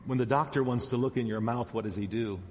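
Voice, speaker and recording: A man giving a children's sermon as pastor, gently asking the children questions and coaxing answers. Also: mid-range voice, steady tone, quick pace, slight background noise. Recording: dull sound in a long-echo church hall.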